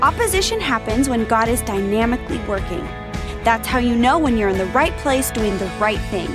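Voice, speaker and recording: Woman radio announcer, high voice, measured reading, music behind. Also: lively intonation. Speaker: program announcer.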